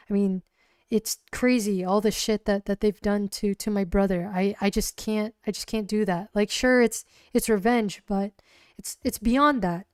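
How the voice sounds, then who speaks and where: A woman voicing a determined young female hacker in a cyberpunk tabletop game, speaking earnestly with halting restarts. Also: mid-range voice, darkish tone, clean tone, no echo, clean studio sound, lightly acted.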